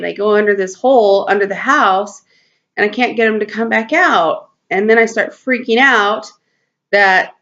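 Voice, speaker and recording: A woman's voice: fairly low pitch, a bit bright. A woman talking earnestly to camera in a personal spiritual vlog, rambling with lots of fillers and restarts, in a slightly lo-fi home video. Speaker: spiritual talk host.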